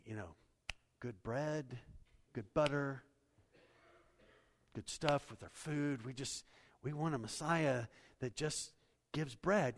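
Man preaching in a reverberant hall. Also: mid-range voice. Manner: animated preaching with acted-out quotes, shifting loud and soft. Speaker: pastor. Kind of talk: sermon.

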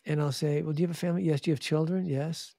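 Guy in an interview telling stories, kinda gravelly, lots of restarts, voices other people. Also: on the high side, very fast, dry recording. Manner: animated, restarts often, acts out quoted people. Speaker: charity founder and guest. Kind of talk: interview storytelling.

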